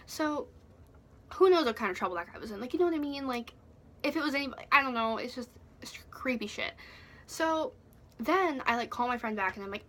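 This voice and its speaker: A woman's voice: fairly high pitch, fairly quick, fairly bright tone. A young woman telling a storytime vlog, breathless and swearing, with "like" in nearly every line. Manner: breathless, swearing, heavy use of "like". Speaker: vlogger.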